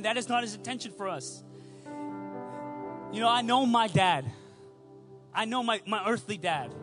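A young man delivers a sermon in a strikingly high voice, weaving personal stories into emphatic, repeated appeals. Faint music plays underneath. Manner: storytelling, emphatic repetition. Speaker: preacher.

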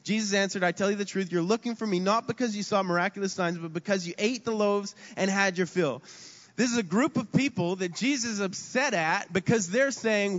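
A high-pitched man delivers a sermon from the pulpit, earnest and prone to repeating words as he builds his point. His voice rings with the long reverb of a large hall, and the recording sounds somewhat dull. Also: moderate pace, a bit bright. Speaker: pastor.

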